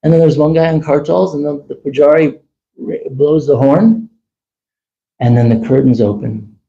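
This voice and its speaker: A man telling a long personal story at a temple gathering, chatty and animated, acting out the dialogue. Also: on the high side, moderate pace, vocal fry, muffled recording. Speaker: temple speaker. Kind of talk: casual storytelling talk.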